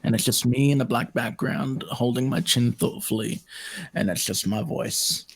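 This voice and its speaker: A man's voice: mid-range voice, moderate pace, vocal fry, husky. A man talking as a guest in a casual online chat, emphatic and swearing for stress.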